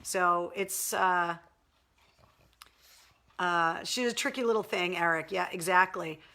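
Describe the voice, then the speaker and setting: With a fairly low, pushed, and bright voice, a woman talks slowly while hosting a casual livestream. She's candid and swears cheerfully as she answers comments from her viewers.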